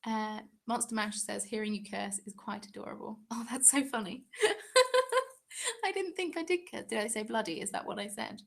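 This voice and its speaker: A woman's voice: fairly high pitch, big pitch swings, moderate pace, gravelly. A young English woman hosting a crafting live stream, chatting casually and reading out viewer comments in a giggly, rambling way. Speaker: crafting channel host.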